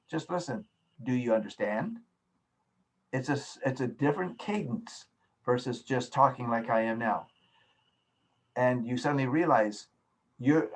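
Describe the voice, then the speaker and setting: A man teaching a class as professor over a video call, patiently explaining with simple everyday examples. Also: medium pitch. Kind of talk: online lecture. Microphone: computer mic on a video call.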